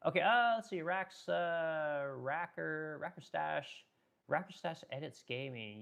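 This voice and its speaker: A man's voice: fairly high pitch, measured pace, creaky, fairly bright tone, smooth, lo-fi sound. A middle-aged man hosts a livestream and rants with heat, swearing freely. He circles back to the same points and trips over his own words as he works himself up. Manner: fired-up, swearing, repeats himself, frequent stumbles. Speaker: business owner and livestream host. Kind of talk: heated political rant on a livestream.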